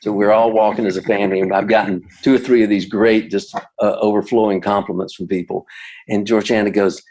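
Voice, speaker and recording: An older man with a fairly low voice tells a story in a loose, rambling way. He restarts his sentences and wanders into asides as he goes. It sounds like a musician and guest chatting on a talk show. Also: fairly even intonation, a little fast, darkish tone, rough recording. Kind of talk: casual anecdote telling.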